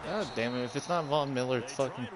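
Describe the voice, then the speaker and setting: A man's voice: medium pitch, fast talker, over music. A young man trash-talking and cursing casually while playing a football video game with a friend. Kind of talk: casual gaming banter. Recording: game crowd noise behind.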